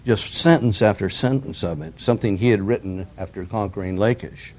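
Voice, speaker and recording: A man's voice: lowish voice, a little fast, few pauses, a little mellow. A man preaching a sermon. He reads scripture aloud with rising emphasis, then explains it plainly to his listeners. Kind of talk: sermon, Bible reading and commentary.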